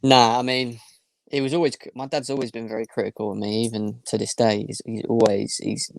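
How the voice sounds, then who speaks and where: A young man, animated and rambling as he tells a story as a podcast guest. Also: mid-range voice, fairly quick, vocal fry, no echo, studio quality. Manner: animated, rambling anecdote with restarts. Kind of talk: casual storytelling.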